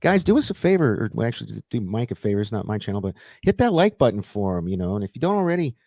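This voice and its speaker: A man with a fairly low voice hosts a relaxed live stream, chatting casually and retelling scenes by acting out the quoted lines. The sound is dry and close, with no room echo. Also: fast. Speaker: host.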